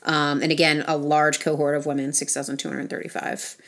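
Low-voiced woman explaining research casually. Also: level tone, brisk, fairly bright tone. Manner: explains studies in long run-on sentences with fillers and restarts.

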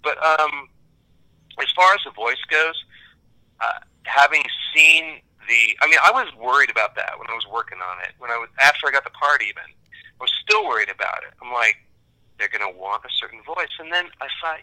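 An American man from Kansas, an actor, chatting casually in an interview in a rambling, animated, self-deprecating way. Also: medium pitch, normal speed, low-quality recording. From Kansas, United States. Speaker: actor guest.

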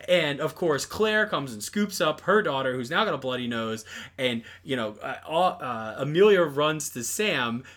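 Animated bright-voiced young man. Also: a little high, moderate pace. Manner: animated, exasperated, lots of fillers. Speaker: podcast co-host. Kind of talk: casual movie review chat.

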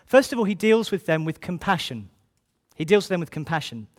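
Earnest high-voiced man preaching. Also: sing-song. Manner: earnest, repeats key phrases; reads scripture slowly, then speeds into asides. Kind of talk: sermon.

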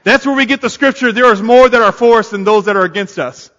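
A man preaching a sermon to a congregation, energetic and calling on them to answer back. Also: high voice, quick pace, lo-fi sound. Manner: energetic, calls on the congregation to respond. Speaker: pastor. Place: church sanctuary. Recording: long hall reverb. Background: congregation responding.

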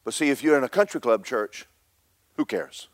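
Man, fiery Pentecostal preacher, mid-pitched voice, dry close sound, emphatic build-ups. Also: animated, moderate pace, no room sound. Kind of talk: Pentecostal sermon with storytelling. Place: church.

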